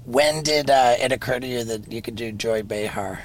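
A man co-hosting a casual podcast who asks measured, thoughtful questions. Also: mid-range voice, a little hiss or hum, low-quality recording. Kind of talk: casual chat.

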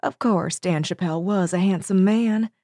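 A snide middle-aged Southern gossip drawls her remarks, as a woman reads her aloud. She has a Southern accent, a medium-pitched voice and a dry, close sound. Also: normal speed, warm tone, no room sound, lightly acted. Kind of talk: dramatic reading aloud.

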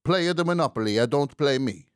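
A man's voice: medium pitch, animated, quick pace, clean tone, dry recording, clean studio sound, voice pushed up, lightly acted. A man imitating a boastful, muscular young Italian man with an exaggerated Italian accent and sing-song delivery. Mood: proud.

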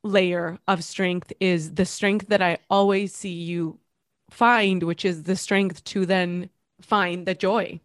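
A woman's voice: fairly low pitch, steady tone, slow pace, dry recording, clean studio sound. A woman hosting a recovery podcast, encouraging her guest and openly moved to tears. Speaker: podcast host. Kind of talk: conversational interview.

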